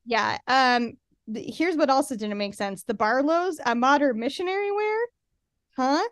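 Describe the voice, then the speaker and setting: A woman's voice: high voice, animated, a little slow, no room sound, clean studio sound. A woman co-hosting a podcast, chatting casually and sarcastically, often acting out quotes. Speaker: podcast co-host. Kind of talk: casual chat recapping a reality show.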